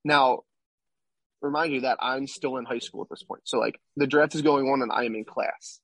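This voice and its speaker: Young male athlete guest, husky, casual rambling storyteller, dry close sound. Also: mid-range voice, steady tone, normal speed, a bit bright, no room sound. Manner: rambling, tag questions like "right?". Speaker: podcast guest, baseball player.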